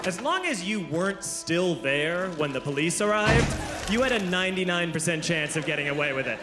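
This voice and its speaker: High-voiced stand-up comedian over music. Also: male voice, fairly quick. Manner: animated, self-mocking storytelling. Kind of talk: stand-up storytelling.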